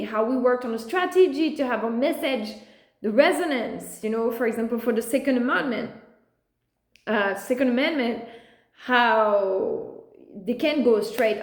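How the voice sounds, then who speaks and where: A woman talking casually and passionately to the camera, stopping often to quote people in lively voices. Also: on the high side. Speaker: video creator. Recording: echoey room.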